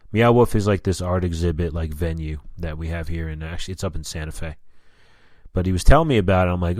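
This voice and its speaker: A man's voice: low voice, expressive, brisk, darkish tone, no echo. A man hosting a casual solo podcast, talking in a rambling, candid way and swearing often. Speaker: podcast host. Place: lives in Albuquerque.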